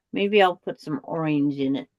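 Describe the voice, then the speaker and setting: A woman hosting a quilting livestream, chatting casually and calmly while she works. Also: fairly low pitch, gravelly, dry recording, highs cut off. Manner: relaxed, chatty, drawn-out pace. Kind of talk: casual chat while crafting.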